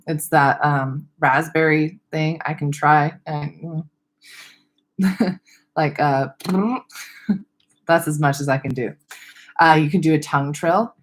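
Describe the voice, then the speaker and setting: Low-voiced young woman teaching voice exercises. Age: young adult. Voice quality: slight vocal fry at ends of sentences. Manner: friendly, loose, laughs at herself, demonstrates vocal exercises. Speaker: speech therapist. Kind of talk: casual online teaching webinar.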